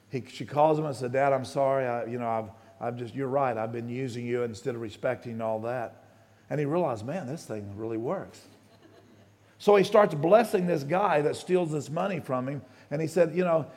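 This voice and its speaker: A pastor giving a sermon, telling a story with plenty of quoted dialogue and halting restarts, his voice rising and dropping. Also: on the high side, a little mellow.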